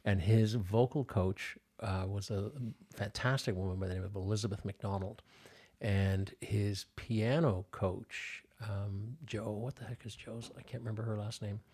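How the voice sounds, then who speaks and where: A man's voice: lowish voice, fairly even intonation, unhurried, a little mellow, slightly rough. An older man, a filmmaker guest on a podcast, telling stories casually with lots of fillers and restarts. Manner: rambling, many restarts and fillers. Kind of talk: casual storytelling interview.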